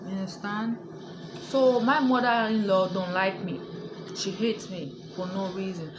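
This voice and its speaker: Speaking directly to her viewers, an adult woman recounts a family story casually and emphatically, going over her points again and making sure they understand. Her mid-range voice is steady and a little slow, against a noisy background.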